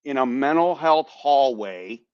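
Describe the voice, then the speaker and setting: A man on a podcast telling a story in a casual, animated way, swearing and repeating words as he goes. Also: mid-range voice, unhurried, clear, resonant tone, no echo, lo-fi sound. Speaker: podcast host, veteran.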